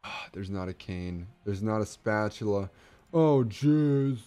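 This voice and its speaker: A young man streaming a strategy game, talking to himself and chat, swinging from low muttering to excited yelling. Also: moderate pace, smooth. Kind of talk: casual game commentary.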